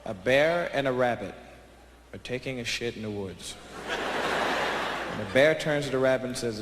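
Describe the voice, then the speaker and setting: A man doing stand-up comedy, bantering loudly and brashly with the crowd in a big concert hall. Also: medium pitch, moderate pace, pauses often. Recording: echoey hall with loud crowd and noise.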